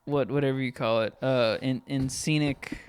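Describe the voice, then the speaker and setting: A man's voice: medium pitch, fairly even intonation, moderate pace, smooth. A man co-hosting a podcast in casual chat, rambling and often restarting his sentences. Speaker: podcast co-host.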